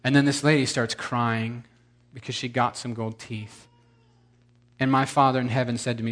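A man's voice: medium pitch, flat delivery, normal speed, a bit bright. A man preaching a humorous sermon, telling stories with sarcastic asides and sudden jumps in volume.

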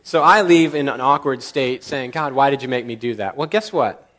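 A man preaching a sermon, telling personal stories with animated acted-out dialogue and laughing at his own jokes. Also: medium pitch, moderate pace. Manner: animated, acts out dialogue in lively voices. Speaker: pastor. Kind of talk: storytelling sermon.

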